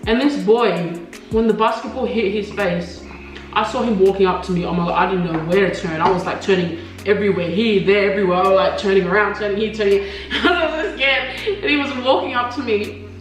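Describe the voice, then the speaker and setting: A woman's voice: fairly quick, recorded from a distance. A young woman from Australia co-hosting a mukbang, telling a childhood story in casual chat and acting out quoted voices with laughter. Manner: animated, acts out quoted voices in high pitch, laughs often. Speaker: mukbang co-host. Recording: echoey room, off-mic, faint music.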